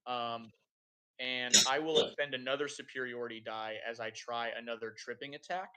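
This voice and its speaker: A man's voice: mid-range voice, steady tone, normal speed, very noisy. A man playing a tabletop game, thinking aloud through his turn and its rules. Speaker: player.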